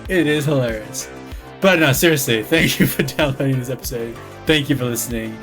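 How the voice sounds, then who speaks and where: A man's voice: medium pitch, fairly quick, fairly bright tone, soft background music. Playful Australian man hosting a podcast. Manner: playful, teasing, laughs often. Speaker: dungeon master and podcast host. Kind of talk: casual podcast outro chat.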